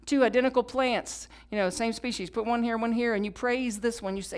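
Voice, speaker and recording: A woman pastor preaching a sermon, swinging from loud emphatic lines to hushed whispers and leading call-and-response. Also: a little high, fairly even intonation, brisk, clear, resonant tone. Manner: leads the congregation in call-and-response; conversational, with laughs and asides.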